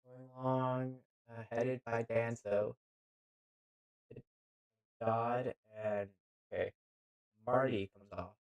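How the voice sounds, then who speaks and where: A man calling a football match live as an amateur commentator, speaking slowly and in a halting way. He keeps second-guessing player names and drops casual asides between the plays. His pitch sits in an ordinary middle range for a man. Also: little pitch movement, low-quality recording. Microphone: handheld microphone.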